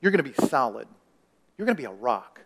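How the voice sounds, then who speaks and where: A man's voice: medium pitch, very animated, fast, fairly bright tone. A male pastor preaching a sermon in a conversational way, raising his voice for emphasis and putting questions to the congregation.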